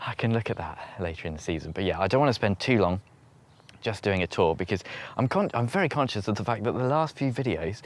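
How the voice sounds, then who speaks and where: A man's voice: fairly low pitch, expressive, fast talker. A man talking casually to camera as he tours his outdoor allotment, chatty and rambling and laughing often, recorded on a handheld camera. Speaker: allotment vlogger. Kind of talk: casual talk to camera while touring a garden plot.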